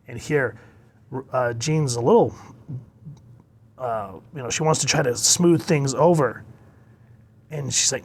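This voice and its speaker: Reviewing comics casually, this man with a mid-range voice wanders from thought to thought, laughs softly, pauses to check details, and makes no secret of his enthusiasm for the storytelling.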